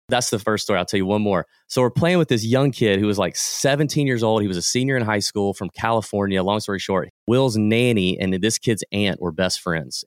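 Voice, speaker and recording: A man, a guest on a podcast, telling lively anecdotes in a casual way and acting out the people he quotes. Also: lowish voice, no room sound, clean studio sound. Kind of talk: casual storytelling.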